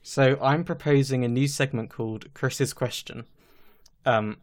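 A man's voice: mid-range voice, steady tone, unhurried. Man, joking podcast co-host. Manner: joking, swears freely, eats while talking. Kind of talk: casual chat. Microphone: own microphone, remote call.

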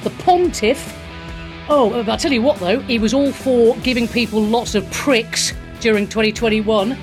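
A woman's voice: on the high side, steady tone, moderate pace. A woman radio presenter delivering a sarcastic, mocking opinion segment. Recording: music bed under voice.

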